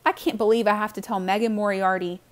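A woman voicing an excitable young boy who gets upset and then sheepish, in a high, bright voice. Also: fast talker, lightly acted.

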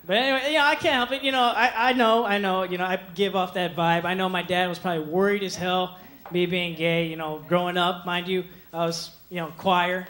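A young man doing a stand-up comedy set on a club stage, animated, slipping into quick voices for the people he quotes, with audience laughter behind him. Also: high-pitched. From Mexican heritage. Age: young adult. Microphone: handheld stage mic.

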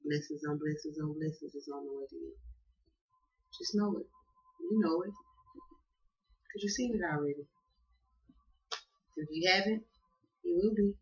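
A woman's voice: low-pitched, moderate pace, long pauses. A woman from the Southern United States with a Southern accent, giving a casual tarot reading in a profane, emphatic and slangy way. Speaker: tarot card reader. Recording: dull lo-fi audio.

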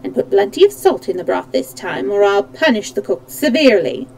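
A woman's voice: mid-range voice, sing-song, fairly quick, gravelly, a little mellow, rough recording. A woman reading a storybook aloud, voicing a cruel, vain, two-faced monster queen who speaks sharply and grimly. She gives her a raised, commanding voice.

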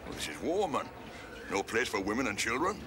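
An actor playing a blustering, pompous rugby official who treats things as war. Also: male voice, on the low side, huge pitch swings, a little fast, noisy background. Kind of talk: film acting.

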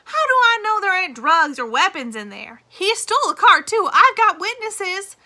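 A woman's voice: high voice, expressive, measured pace, full character voice. A woman reading aloud and voicing a hysterical, furious woman camp warden. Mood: shrill. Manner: yelling, nearly hysterical.

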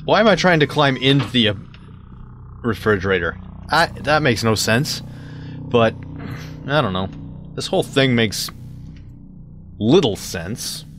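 Animated man rambling over gameplay. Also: medium pitch, a little slow, pauses often, faint music behind. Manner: rambling, self-mocking, lots of sudden yelps. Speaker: let's play host. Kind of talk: casual gameplay commentary.

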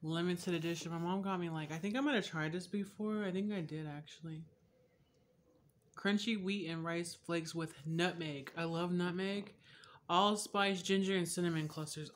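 A young woman vlogging a casual taste test, candid and chatty, swearing freely and drifting between soft asides and loud laughing outbursts. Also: fairly low pitch, fairly even intonation, normal speed, a little hiss or hum.

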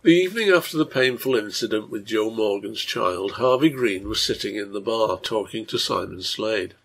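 A man reading his own translation of a serialized novel aloud, in steady storybook narration. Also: on the low side, moderate pace.

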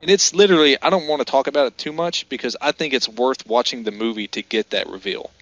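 A man's voice: medium pitch, quick pace, a bit bright, no room sound, highs cut off. A man co-hosting a casual beer-and-movie podcast, retelling scenes and acting out the lines. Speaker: podcast co-host.

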